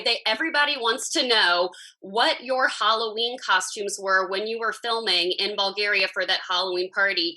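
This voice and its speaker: A woman's voice: mid-range voice, pushed and bright, poor audio. A young woman interviewing two actors, enthusiastic and full of praise for them. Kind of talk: friendly entertainment interview.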